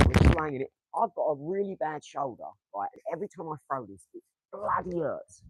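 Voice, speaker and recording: Rambling Essex-accented man, fairly high voice. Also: big pitch swings, a little fast, a little hiss or hum, low-quality recording. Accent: Essex English. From England. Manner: rambling, swearing, talks to viewers, throws darts while talking. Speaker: livestream host. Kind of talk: casual motivational livestream chat.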